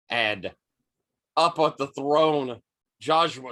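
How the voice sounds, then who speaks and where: A man running a tabletop role-playing game as game master, narrating in an unhurried, descriptive way and laughing now and then. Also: medium pitch, lively intonation, fairly bright tone.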